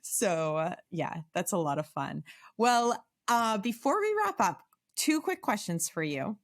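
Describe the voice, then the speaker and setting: A woman's voice: medium pitch, sing-song, measured pace. A middle-aged woman hosting a podcast interview, chatting casually with frequent laughs and many "like" fillers. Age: 40s. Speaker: podcast host.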